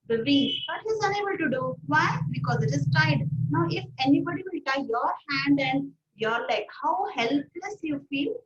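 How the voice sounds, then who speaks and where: A woman's voice: sits high, fairly bright tone. A woman teacher explaining a story to young pupils and asking the class frequent questions. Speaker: English teacher. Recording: distant, roomy, muffled recording.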